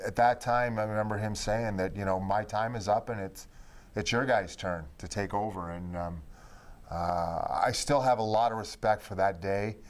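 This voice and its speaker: A man, a former teammate, reminiscing in a relaxed, rambling way with many fillers. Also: lowish voice, normal speed. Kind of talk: reminiscing conversation.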